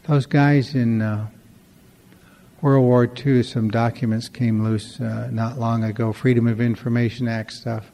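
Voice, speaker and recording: A man's voice: medium pitch, level tone, unhurried, creaky, a little mellow, in a large hall, a little hiss or hum. A man giving a storytelling talk at a recovery meeting, conversational and wry, acting out the dialogue in his stories.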